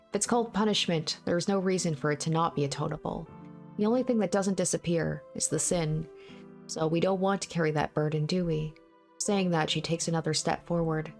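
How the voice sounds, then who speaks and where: A woman reading a visual novel aloud in the first person, in a steady, measured way. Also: lowish voice, soft background music. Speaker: let's play narrator.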